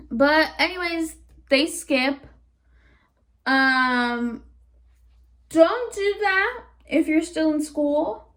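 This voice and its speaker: A woman recapping a cartoon series in a casual, animated way, with sarcastic asides and rambling tangents. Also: high-pitched, extremely slow, long pauses. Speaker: YouTube reviewer.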